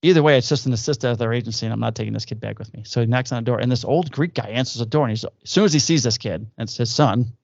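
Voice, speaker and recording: A man's voice: medium pitch, very fast, gravelly, few pauses, no echo, muffled recording. A man, a police officer co-hosting a podcast, telling profane stories in casual chat. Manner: profane, animated anecdote telling with acted quotes.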